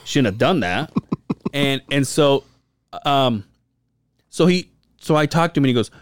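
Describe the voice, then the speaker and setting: Man around forty, podcast co-host, swearing storyteller, animated pitch, dry close sound. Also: a little slow, pauses often, dry recording. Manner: profane, animated storyteller who acts out quotes. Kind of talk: casual storytelling chat.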